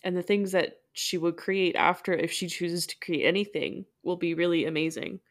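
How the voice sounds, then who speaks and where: A woman's voice: fairly low pitch, steady tone, moderate pace. A woman talking casually on an astrology podcast, earnest and candid.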